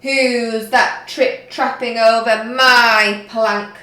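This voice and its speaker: A woman voicing a bossy, gruff male pirate chief who gives slow, emphatic commands in a storybook. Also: high voice, sing-song, a bit bright, very echoey, pitched above the performer's own voice, full character voice.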